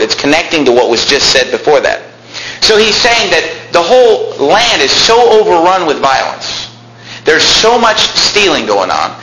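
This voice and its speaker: Male preacher, bright ringing voice, fiery delivery, roomy church echo. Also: fairly high pitch, a little hiss or hum. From California. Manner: impassioned, shouting at peaks. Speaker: pastor. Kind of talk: sermon. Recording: echoey room with faint ambience.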